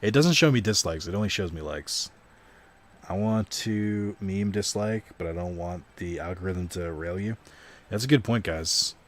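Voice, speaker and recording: A man's voice: low-pitched, moderate pace. A young man casually commenting on a card video game stream, rambling and self-deprecating, swearing now and then.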